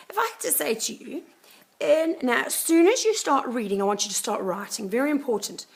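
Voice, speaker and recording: A woman with a croaky, gravelly voice walks students through a math problem. Her pitch sits a little high, and she explains each step in a chatty, casual way, checking in with "okay" as she goes. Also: expressive, brisk. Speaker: math teacher.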